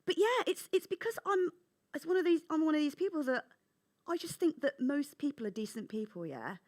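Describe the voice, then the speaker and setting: A woman from England with a high voice, telling childhood stories and acting out the voices of her younger self. Her voice swoops up and down, animated and expressive. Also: brisk. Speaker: author. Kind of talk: conversational interview.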